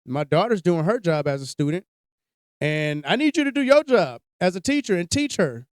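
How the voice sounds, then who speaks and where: A man's voice: high voice, sing-song, normal speed, no room sound, studio quality. A young man co-hosting a podcast, telling a story in casual, blunt, profane chat. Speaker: podcast host.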